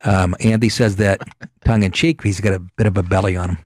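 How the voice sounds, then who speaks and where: A man's voice: deep voice, steady tone, fairly quick, darkish tone, no room sound, studio quality. A middle-aged man hosting a comedy talk show, ranting sarcastically with profanity and frequent laughs. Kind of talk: comedic radio show banter.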